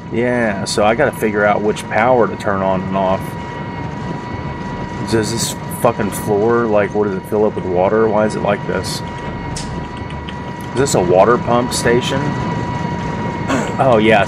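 A man giving casual, profane let's-play commentary with a rough-sounding voice, rambling and sarcastic. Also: lowish voice, noisy background. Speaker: gaming video host.

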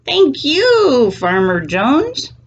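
Quacking storybook ducks, high and chirpy, read by a woman. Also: wildly swooping pitch, drawn-out words, dull audio, a little hiss or hum, heavily acted. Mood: calling. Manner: high quacking sing-song. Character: hungry quacking farm ducks.

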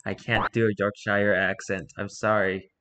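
A man reading internet posts aloud for comedy, with wry, dry asides and bursts of loud mock-arguing. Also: lowish voice, little pitch movement, normal speed.

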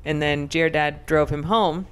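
Young woman podcast co-host, smooth clear voice, lively chatty storyteller. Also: sits low, takes it slowly. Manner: animated, chatty storyteller with many fillers. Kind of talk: casual chat.

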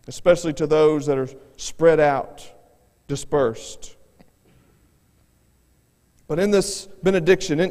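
A man preaching a revival sermon as an evangelist, earnest and given to repeating words as he starts his phrases. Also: on the high side. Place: church sanctuary. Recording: long church reverb.

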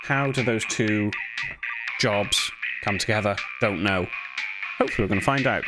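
A man's voice: medium pitch, lively intonation, a little slow, long pauses, over loud music, rough recording. A young man giving jumpy, self-mocking commentary while playing horror games, with sudden yelps. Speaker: gaming video host.

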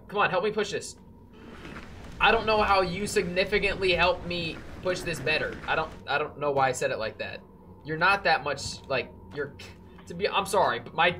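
An excitable gamer giving casual commentary on a horror game, chatting to the characters on screen and now and then bursting into loud yells. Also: medium pitch, a little hiss or hum. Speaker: let's play gamer. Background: background music beat.

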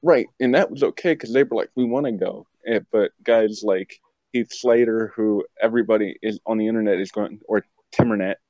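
A man's voice: fairly low pitch, fairly quick, darkish tone, no room sound. A young man from West Virginia, a podcast guest, chatting casually with joking, rambling asides. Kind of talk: casual chat. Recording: dull lo-fi dry sound.

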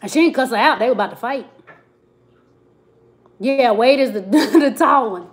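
Chatting casually on a live stream, a woman reads comments and laughs often, using Southern slang like "child" and "y'all." Her voice is a little high and her pace moderate.

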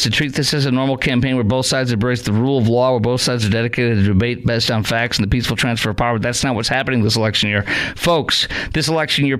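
A man's voice: mid-range voice, fairly bright tone. Sarcastic rambling male radio host. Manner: sarcastic, rambling, mocking asides. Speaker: radio talk show host. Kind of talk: opinionated talk radio monologue.

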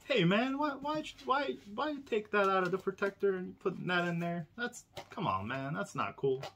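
A man's voice: sits high, lively intonation, normal speed, fairly bright tone, slight background noise, pitched above the performer's own voice. A man doing a playful impression of an exasperated male collector friend who pleads and repeats himself. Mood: protesting.

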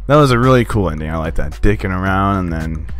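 Excitable young man, low voice, rambling. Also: fast, soft background music. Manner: excitable, rambling, swears and laughs often. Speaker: gameplay commentator. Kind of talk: casual gameplay commentary.

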